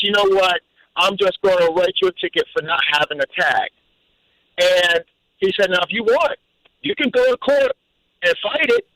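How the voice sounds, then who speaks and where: A man calling in to a radio show, telling a personal story in an animated way, with repeated words and restarts. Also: high voice, dry recording, poor audio. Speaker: caller.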